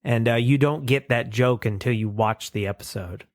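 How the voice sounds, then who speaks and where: A man's voice: medium pitch, normal speed, no echo, studio quality. Casual man recapping cartoons with gusto. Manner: animated retelling, acts out lines. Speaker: podcast co-host.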